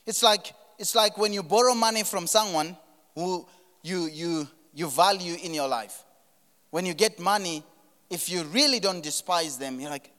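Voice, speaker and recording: A man's voice: high voice, normal speed, bright, forceful tone, big-room sound. A man preaching a sermon, building emphasis and repeating words as he drives his points. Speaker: pastor.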